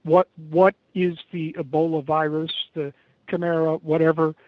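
High-voiced American man on a dull call line. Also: little pitch movement, dry recording. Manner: halting, emphatic, many pauses. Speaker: interview guest. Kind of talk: remote interview over a call. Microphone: internet call. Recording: dull lo-fi internet call audio.

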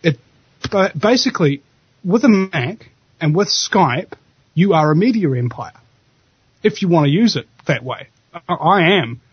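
A man on a slightly muffled internet call, his voice a touch higher than most men's and very dry, with no room sound at all. He chats casually as a radio host, joking and rambling, often restarting his words. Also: expressive, unhurried, pauses often, slightly rough, dry recording. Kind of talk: casual podcast chat.

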